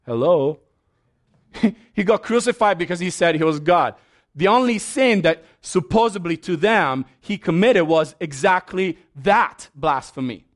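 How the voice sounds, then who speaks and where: A male pastor preaching with a high voice. He swings between quiet, conversational asides and loud, high-pitched outbursts. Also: a little slow. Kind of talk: sermon.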